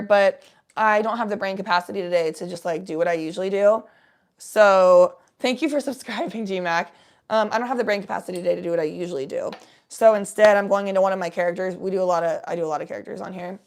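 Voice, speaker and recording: A woman streamer chatting casually on a live stream, rambling quickly and joking at her own expense. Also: lowish voice, gravelly. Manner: rambling, quick and self-deprecating.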